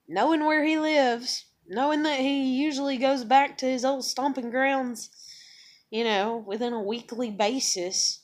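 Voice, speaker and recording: A woman venting in a personal vlog, blunt and emotional, swearing often as she talks about her life. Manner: acts out others in higher excited voices. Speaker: vlogger.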